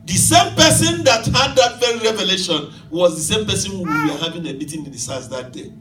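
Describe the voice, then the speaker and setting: A man delivers an emphatic sermon, telling a story and now and then rising to a shout. His voice sits high for a man. He sounds distant from the microphone, with the room ringing around him in a reverberant hall. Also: lively intonation, a little fast, a little hiss or hum. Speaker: preacher. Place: church hall. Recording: echoey hall from far off.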